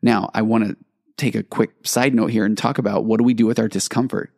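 A man's voice: on the low side, fairly even intonation, a little fast, gravelly, darkish tone, no echo, studio quality. A man hosting a solo podcast, talking earnestly about parenting and acting out little dialogues with his kids, with self-deprecating asides. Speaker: podcast host. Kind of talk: reflective solo podcast talk.

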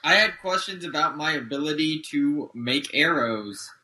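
A man's voice: a little high, expressive, moderate pace, pushed and bright, reverberant, rough recording. A man playing a tabletop game, asking earnest questions. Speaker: player. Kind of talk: casual tabletop play.

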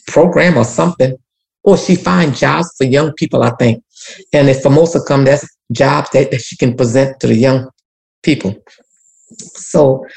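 A woman's voice: low-pitched, creaky, a little mellow. A woman telling an emotional personal story as a guest, repeating herself and speaking of prayer. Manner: emotional, repetitive, church-rooted testimony. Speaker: community activist guest.

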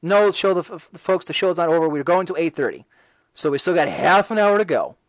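A man's voice: fairly high pitch, animated, a little fast, no echo, poor audio. A man hosting a casual talk radio show, reading and answering chat messages in a sarcastic, ranting way.

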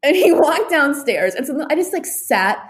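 A woman on a podcast chatting casually, talking in an animated way, swearing freely and filling her speech with "like.". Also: high voice, normal speed.

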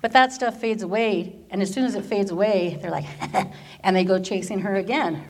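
A middle-aged woman from Orange County, California, giving a personal faith testimony as an animated storyteller who laughs often. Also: medium pitch, moderate pace. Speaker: teacher and church worker.

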